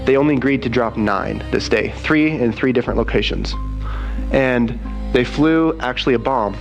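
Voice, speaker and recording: A man with a gravelly, creaky voice recounts his missionary story as a testimony. He quotes the people he met, and soft music plays behind him. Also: medium pitch, moderate pace, low-quality recording. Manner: animated storytelling, quoting others. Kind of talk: spoken testimony.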